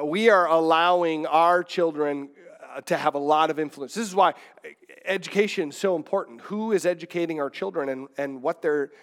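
Middle-aged pastor guy preaching, chatty and rambly, kinda high voice. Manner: conversational, digressive preaching with restarts. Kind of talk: sermon.

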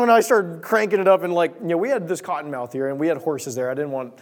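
A young man preaching a sermon, telling a story in an animated way and acting out voices and sound effects. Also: fairly high pitch, fast talker.

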